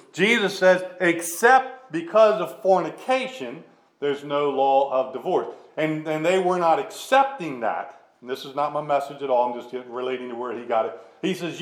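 A man preaching a sermon, repeating points emphatically, slowing down to stress key phrases, with many fillers between them. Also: on the high side, fairly bright tone. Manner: preaches with emphatic repetition and drawn-out slow phrases.

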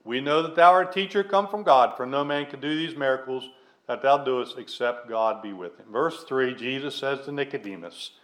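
A man preaching a sermon, repeating points emphatically, slowing down to stress key phrases, with many fillers between them. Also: medium pitch, fairly bright tone. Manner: preaches with emphatic repetition and drawn-out slow phrases.

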